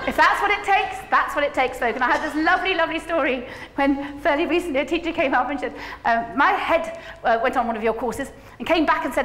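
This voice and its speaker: A woman giving a conference keynote, animated and humorous, coaxing the audience to join in. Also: high voice, fast, few pauses, slight background noise. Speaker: keynote speaker. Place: large conference hall. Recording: echoey hall, faint ambience.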